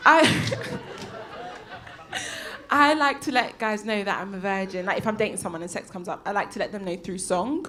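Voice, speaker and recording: A woman's voice: medium pitch, moderate pace, sharp tone. A young woman telling a rambling, giggly stand-up story on a comedy club stage. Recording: crowd laughter from a live audience. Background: audience laughing.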